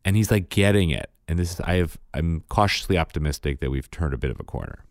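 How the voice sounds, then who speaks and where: A man's voice: low voice, expressive, fast talker, dry recording, clean studio sound. A man, a father, telling a parenting story in casual chat, matter-of-fact in tone. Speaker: podcast co-host and father.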